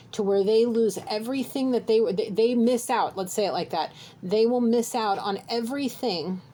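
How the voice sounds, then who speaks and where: On a rough recording with a bit of hiss or hum, a woman psychic with a mid-range, darkish voice gives a channeled tarot-style reading to camera. Her delivery is earnest and direct, often checking in with "okay?".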